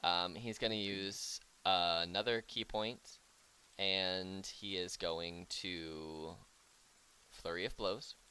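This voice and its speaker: A man's voice: low-pitched, fairly even intonation, slow pace, sharp tone, clean tone. A man running a tabletop game as game master, narrating casually with fillers and laughs.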